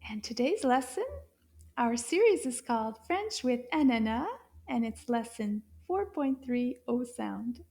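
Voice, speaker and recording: A woman with a high voice teaches a children's lesson at an unhurried pace. She talks in a gentle sing-song, stretches each word out slowly and cheers the little ones on as they repeat after her. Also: lively intonation. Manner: sing-song, encouraging, drawn-out syllables. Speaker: French teacher for kids. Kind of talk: slow, clear children's lesson with repetition.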